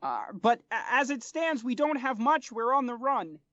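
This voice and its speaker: Man doing a high-voiced frogfolk interpreter. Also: lively intonation, moderate pace, sharp tone, no echo, dull audio, heavily acted. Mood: earnest. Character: male frogfolk interpreter, earnest and polite.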